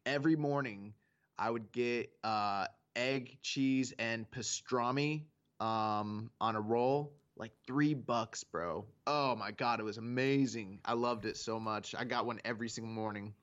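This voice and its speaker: A laid-back man co-hosting a podcast, chatting casually and joking with a relaxed, unhurried delivery. His mid-pitched voice comes through dull and lo-fi. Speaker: podcast co-host. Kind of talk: casual chat. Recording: dull lo-fi sound.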